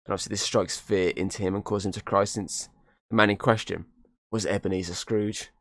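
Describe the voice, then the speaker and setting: A man's voice: on the low side, steady tone, a little fast, fairly bright tone, no echo, clean studio sound. Man retelling a film casually. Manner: rambling retelling with quoted character lines. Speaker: podcast host. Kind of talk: casual movie recap.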